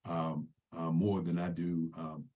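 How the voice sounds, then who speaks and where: A man in a group discussion offering measured advice, often restarting his sentences. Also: little pitch movement, warm tone. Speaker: workshop participant. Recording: muffled low-fidelity audio.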